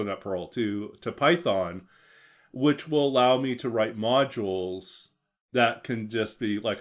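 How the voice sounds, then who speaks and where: A young man streaming a game and chatting casually about coding, rambling and hesitant with many fillers and restarts. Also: lowish voice. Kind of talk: casual chat while gaming.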